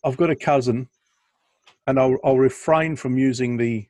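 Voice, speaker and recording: A man's voice: mid-range voice, steady tone, normal speed, dark tone, no echo. A man co-hosting a podcast, chatting casually and telling stories in a rambling, jokey way over a video call. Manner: rambling, jokey, with restarts and bursts of laughter. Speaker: podcast co-host. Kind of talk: casual chat and storytelling.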